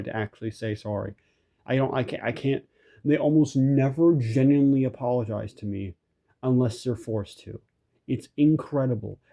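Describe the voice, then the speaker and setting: A man's voice: mid-range voice, dark tone. A young man venting in a frustrated, rambling rant, swearing often and restarting his sentences. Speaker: vlogger. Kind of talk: ranting vent recording.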